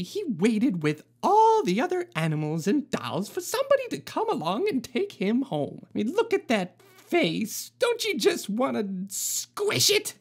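Playful, animated woman reading a storybook. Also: on the high side, husky. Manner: playful, sarcastic. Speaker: storybook reader. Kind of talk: storybook read-aloud with jokey asides.

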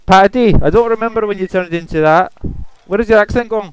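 A man's voice: high-pitched, fairly quick, clean tone, low-quality recording. A man joking and laughing in casual voice chat while playing a game. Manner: giggly, joking. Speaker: game player.

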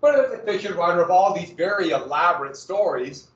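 His high, expressive voice runs a little fast with few pauses as he jokes his way through slides for a small group. He's talkative and prone to tangents; the room recording comes across roomy, distant and slightly dull.

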